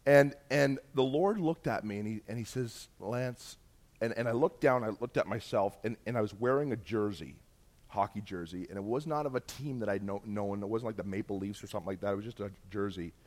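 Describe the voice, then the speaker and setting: Telling his personal testimony at a brisk pace, a middle-aged man from Canada turns it into a story, voicing the dialogue with sudden shifts in pitch and volume.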